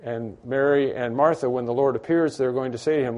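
A man's voice: medium pitch, steady tone, brisk, hardly any pauses, darkish tone. A man preaching a sermon, who acts out the cries and pleas of the people he quotes with rising intensity. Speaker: pastor.

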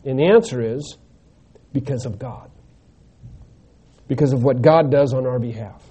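Male preacher, expository sermon, mellow tone, deliberate emphatic delivery with rhetorical questions. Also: medium pitch, slightly rough.

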